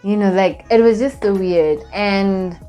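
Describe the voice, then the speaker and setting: A young woman from Botswana recapping a trip in a casual vlog, chatty and animated, with lots of fillers. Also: mid-range voice, measured pace, clear, resonant tone, faint music behind. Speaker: vlogger.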